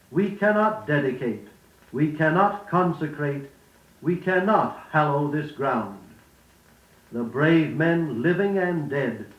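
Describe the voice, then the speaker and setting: A middle-aged male radio announcer giving a formal spoken lesson with measured, distinct enunciation and stately phrasing. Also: fairly high pitch. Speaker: radio announcer narrating a speech course. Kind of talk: formal scripted instruction and recitation. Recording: lo-fi echoey 78rpm record.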